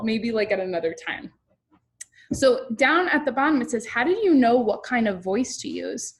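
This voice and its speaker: A young woman teaching kindergartners in an online class, talking in an animated, expressive teacher voice. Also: fairly high pitch, moderate pace, breathy edge.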